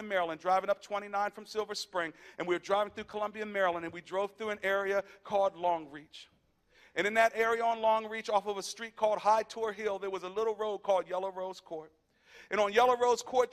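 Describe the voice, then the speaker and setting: High-voiced male pastor telling a story. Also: a bit bright. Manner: conversational, earnest, storyteller's pacing. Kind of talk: sermon with personal storytelling.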